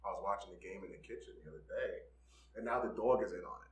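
A man's voice: sits low, quick pace, far from the mic, slight background noise. A man co-hosting a casual podcast, telling funny stories with swearing and laughter. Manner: animated, swearing, laughing storyteller. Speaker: podcast co-host. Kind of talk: casual chat, storytelling. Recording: roomy, from off-mic, faint ambience.

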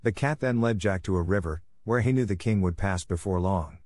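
A man narrating a fairy tale in a steady, even storytelling manner, close to the mic. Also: low voice, fairly quick, no room sound. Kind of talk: scripted audiobook narration.

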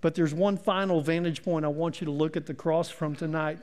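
High-voiced preacher in a reverberant hall. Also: male voice, fairly even intonation, a little mellow. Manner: emphatic preaching with rhetorical questions and dramatic pauses. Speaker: pastor. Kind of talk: sermon.

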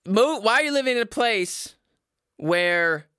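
Loud, rambling young man on a podcast. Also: high voice, animated, measured pace, clean tone, no echo, clean studio sound. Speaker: podcast host. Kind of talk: ranting comedy monologue. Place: home basement. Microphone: studio microphone.

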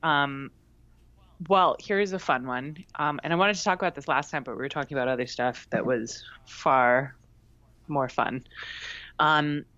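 A woman co-hosting a podcast recounts a story casually, chatty, candid and self-mocking. Her low-pitched voice is a bit bright and measured in pace, on a dry, slightly dull recording without echo.

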